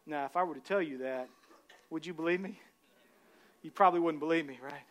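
A man preaching a sermon as pastor, telling humorous stories and rising to shouted emphasis. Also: a little high, a little fast.

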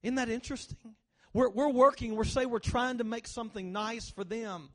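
Man, pastor, conversational sermon, high voice, quizzes the congregation, stumbles and restarts. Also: fairly even intonation, normal speed, fairly bright tone. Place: church sanctuary.

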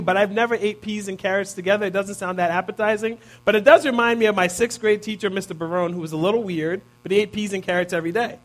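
Thirties male preacher, high voice, relaxed and chatty, keeps asking the room "right?". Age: 30s. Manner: casual, peppers points with "right?". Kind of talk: conversational sermon.

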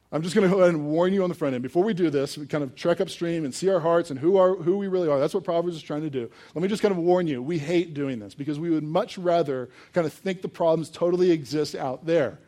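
Casual, story-driven young male preacher. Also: on the high side. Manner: casual storytelling with fillers, animated when telling a story. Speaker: pastor. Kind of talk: sermon.

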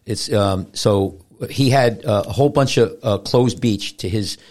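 A man hosting a casual panel discussion, telling stories with lively acted-out quotes. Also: fairly low pitch, a little slow. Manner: animated storyteller, acts out quotes. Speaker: podcast host, lifeguard officer.

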